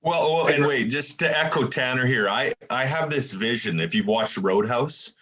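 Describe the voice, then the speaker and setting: A man's voice: mid-range voice, normal speed, pushed and bright. A man co-hosting a podcast who drops joking, offhand asides. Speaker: podcast co-host. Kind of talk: casual podcast chat.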